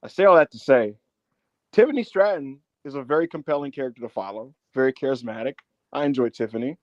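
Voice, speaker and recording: A man hosting a casual podcast chat, telling animated stories and acting out the quotes. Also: mid-range voice, fast talker, no echo, dull audio. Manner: animated storyteller, acts out quotes. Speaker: podcast host.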